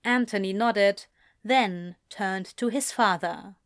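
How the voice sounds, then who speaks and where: Woman narrator, slow, steady, dry close recording. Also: medium pitch, dry recording. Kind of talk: storybook reading.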